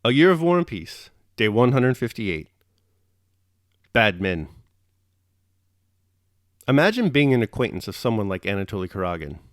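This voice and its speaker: A man reading a classic novel aloud chapter by chapter, steady and measured, then reflecting on it. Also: fairly low pitch, no room sound, clean studio sound. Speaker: audiobook reader and host.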